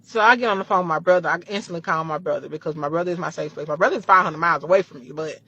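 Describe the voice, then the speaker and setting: A woman vlogger casually retelling a personal story, animated and full of profanity. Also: on the low side, racing, husky, lo-fi sound.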